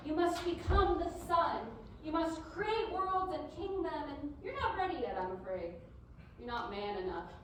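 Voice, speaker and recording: A woman's voice: very high voice, animated, moderate pace, slight background noise. A woman acting on stage as a grand, condescending father in a stage play. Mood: solemn. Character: pompous proud father, older man. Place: theater stage. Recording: echoey hall, mic far off.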